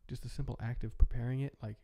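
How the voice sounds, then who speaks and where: A man's voice: medium pitch, level tone, fast, warm tone. A young man talking in a rambling, heartfelt way, chatting casually as a podcast host. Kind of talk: casual reflective chat.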